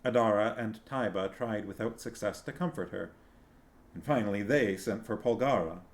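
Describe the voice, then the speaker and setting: A man reading a fantasy novel aloud on a stream, narrating in a measured, even way. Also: on the low side.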